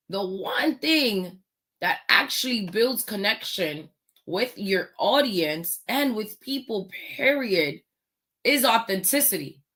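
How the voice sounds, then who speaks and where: A woman hosts a motivational talk in a bright, forward voice. She takes her time, leans on her key words and pauses deliberately. She drives her points home with short rhetorical questions. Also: mid-range voice. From United States. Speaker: host.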